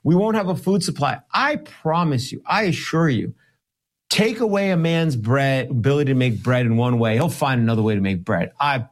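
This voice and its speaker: A man, a lawyer and guest, talking emphatically in an interview, slowing down to stress his points, sometimes sarcastic. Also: medium pitch, expressive. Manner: sarcastic at times. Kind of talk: podcast interview talk.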